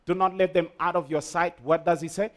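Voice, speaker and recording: A man's voice: high-pitched, steady tone, a little fast. A man preaching a sermon, emphatic, with call-and-response to the congregation. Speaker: pastor.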